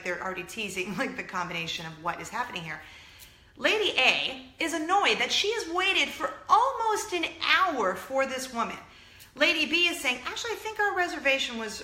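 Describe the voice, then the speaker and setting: A woman hosting a casual vlog, telling a story in an animated, chatty way. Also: medium pitch. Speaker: host. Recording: echoey room.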